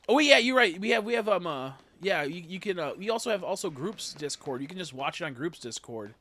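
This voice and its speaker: A man's voice: lively intonation, a little fast. Rambling young man streaming a game. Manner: rambling, joking, swings between loud bursts and low mutters. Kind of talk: casual livestream chat while gaming.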